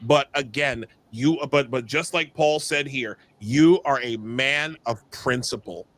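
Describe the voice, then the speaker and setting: Bright-voiced animated male podcast host. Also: medium pitch, measured pace. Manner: animated, joking, stumbling restarts. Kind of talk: casual chat.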